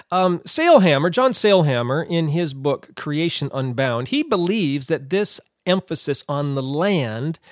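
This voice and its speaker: A man's voice: a little high, no echo, studio quality. A man giving a Bible teaching, thinking aloud with fillers and restarts.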